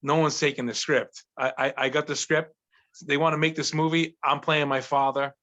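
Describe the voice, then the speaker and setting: A man in his forties from Providence, a guest telling stories in an eager, animated casual chat. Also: a little high, moderate pace, highs cut off. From Providence, Rhode Island. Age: 40s. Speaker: guest actor and writer.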